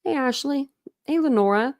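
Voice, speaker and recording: A woman's voice: high-pitched, lively intonation, moderate pace, a little mellow, no room sound, clean studio sound. A woman hosting a casual livestream, chatting with viewers, greeting them by name and laughing often. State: a bit out of breath. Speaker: livestream host. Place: small room at home with dogs.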